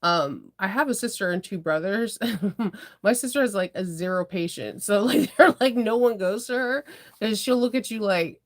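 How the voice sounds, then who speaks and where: Chatty young woman rambling on a sewing livestream, laughs a lot, mid pitch. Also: moderate pace. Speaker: livestream host, sewing shop owner. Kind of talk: casual livestream chat.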